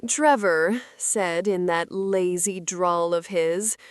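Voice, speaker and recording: Woman narrator, romance audiobook, lively pitch, dry close mic. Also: a little slow, no room sound.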